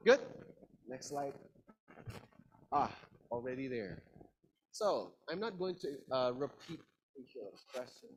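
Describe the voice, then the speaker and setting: A man's voice: medium pitch, very animated, unhurried, long pauses, husky, low-quality recording. A man teaching an interactive communication class, asking the students questions and playfully stretching words for emphasis. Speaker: lecturer.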